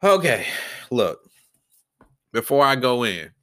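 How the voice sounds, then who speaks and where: Blunt, forceful man ranting on his podcast. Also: mid-range voice, very animated, takes it slowly. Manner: blunt, profane and rambling, with repeated restarts. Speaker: podcast host. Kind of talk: unscripted solo podcast rant.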